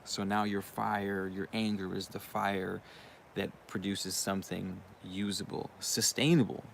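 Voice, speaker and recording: A young man with a low, gravelly voice talks through a loose, profane monologue, circling back with asides as he goes. A faint bed of room noise sits under his voice. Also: level tone, a little slow. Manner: profane, rambling, uses you know what I mean often. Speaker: channel host. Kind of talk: casual monologue.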